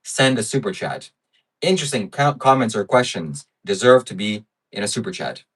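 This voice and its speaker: A man's voice: lowish voice, sing-song, moderate pace, slightly rough. Sarcastic male livestream host. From Ukraine. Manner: sarcastic, swings from mock outrage to soft preaching. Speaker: livestream host reading chat. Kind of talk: casual livestream chat.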